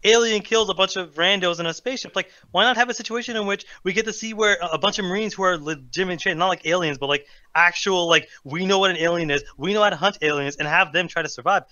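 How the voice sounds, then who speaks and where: A man's voice: high voice, fast, hardly any pauses, bright, forceful tone, lo-fi sound. A man co-hosting a casual chat show, joking and swearing freely.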